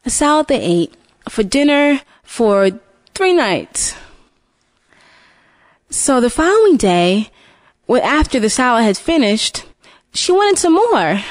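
A woman slowly telling a fairy tale for a listening lesson, expressive, with small restarts. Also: a little high, no room sound. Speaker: storyteller.

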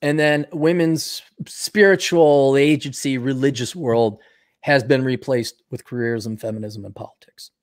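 A man's voice: mid-range voice, fairly even intonation, measured pace. A man talking in a casual unscripted monologue, blunt, sardonic and opinionated, and saying he is losing his voice. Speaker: video commentator.

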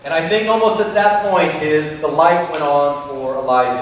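A man's voice: on the high side, moderate pace, hardly any pauses, slight background noise. A man preaching a sermon as pastor, earnest and conversational, often repeating his words. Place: church sanctuary. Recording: echoey hall from far off.

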